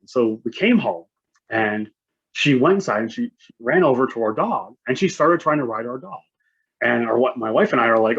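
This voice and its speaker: Giving a conference talk, this man keeps things casual and chatty, tagging line after line with "right?" to engage the audience. He has a husky mid-range voice and goes a little fast, captured in dull, muffled lo-fi sound.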